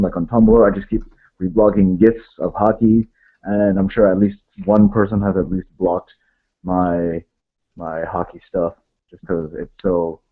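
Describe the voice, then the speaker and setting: A man's voice: sits low, husky. Man, podcast co-host, rambling, fond of "yo", thin phone-like audio. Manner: rambling, says "yo" and "like" often. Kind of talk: casual chat. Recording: tinny phone-like line.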